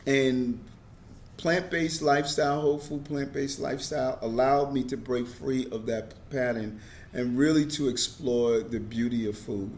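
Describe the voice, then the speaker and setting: A middle-aged man speaks earnestly as an interview guest in casual conversation, often repeating a word as he starts a sentence. His voice sits at an ordinary male pitch, with a steady tone and normal speed, over a faint hiss in the recording.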